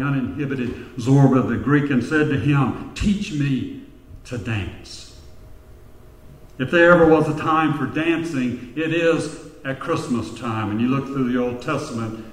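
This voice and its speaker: A male pastor preaching a sermon, telling stories in a measured way with quiet reflective asides. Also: medium pitch, distant mic. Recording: echoey hall with long reverb.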